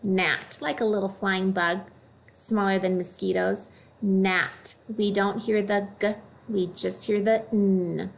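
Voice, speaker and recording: Woman, phonics teacher, slow deliberate pace, clear word modeling, medium pitch. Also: fairly even intonation. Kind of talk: phonics lesson for children.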